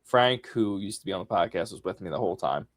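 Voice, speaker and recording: Low-pitched guy on a podcast, animated storyteller, dry close mic. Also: fast talker, no room sound. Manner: animated storytelling, swings loud and soft. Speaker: podcast co-host. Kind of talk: casual podcast chat.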